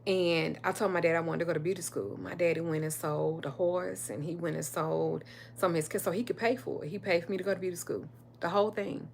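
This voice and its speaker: A middle-aged woman with a drawl, speaking a touch lower than most women. She tells personal stories on a casual livestream, candid and emphatic, and swears freely. A faint hum sits under her voice. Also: brisk, gravelly. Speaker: spiritual reader and livestream host.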